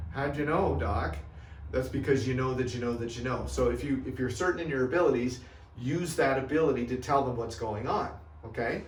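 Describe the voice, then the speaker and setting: A man's voice: medium pitch, echoey room, recorded from a distance, a little hiss or hum. A man coaching health practitioners on what to say to patients. He talks emphatically and keeps checking in with "right?" and "okay?". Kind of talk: coaching talk.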